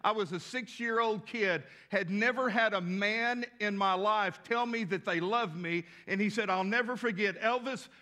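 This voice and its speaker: Bright-voiced pastor in his sixties. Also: high-pitched, normal speed, hardly any pauses. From West Texas. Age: 60s. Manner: folksy, animated, acts out voices in anecdotes. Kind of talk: storytelling sermon.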